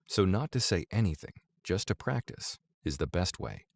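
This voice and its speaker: A man narrating an audiobook in a measured, deliberate reading voice. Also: low voice, sing-song, vocal fry.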